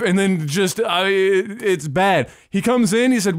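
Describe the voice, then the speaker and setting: A man with a high voice tells a rambling story on a podcast, swearing freely and getting animated as he goes. The sound is dry and close, with no room around it. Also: measured pace, hardly any pauses, no echo. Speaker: podcast co-host. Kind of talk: casual storytelling chat.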